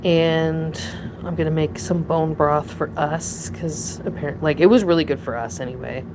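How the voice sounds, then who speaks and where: A rambling, chatty woman with a lowish voice talks casually from her home, trailing off and laughing as she goes. A steady hiss of noise sits under her voice throughout. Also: moderate pace. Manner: rambling, chatty, laughs often, coos at pets. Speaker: pet vlogger. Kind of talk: casual live chat with pets. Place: home, indoors.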